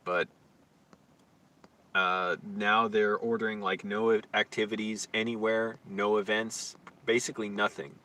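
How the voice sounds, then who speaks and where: A man's voice: fairly low pitch, level tone, unhurried, bright, forceful tone. A man talking to his own camera outdoors in a casual, rambling vlog, crude and complaining. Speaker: vlogger. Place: outdoors on the street.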